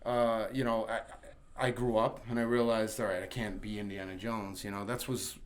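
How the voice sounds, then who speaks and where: A man's voice: lowish voice, level tone, moderate pace. A man from New York City, a guest on a podcast, telling rambling stories full of restarts and laughing as he acts out quotes. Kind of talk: casual chat.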